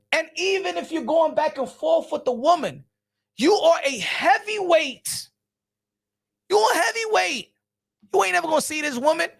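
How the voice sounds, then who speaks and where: A man hosting casual boxing reaction commentary, animated and repetitive, slangy, often laughing and calling his viewers folks. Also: extremely high pitch, creaky.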